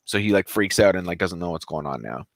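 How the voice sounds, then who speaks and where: Animated man telling a story. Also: low voice, quick pace, dry recording. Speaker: podcast co-host. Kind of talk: casual podcast chat.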